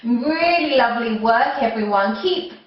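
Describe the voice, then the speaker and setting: A woman's voice: high voice, very animated, slow, far from the mic. A young woman leading a children's yoga class, playful and encouraging, making animal noises as she goes. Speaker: kids' yoga teacher. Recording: echoey room, mic set back, dull sound.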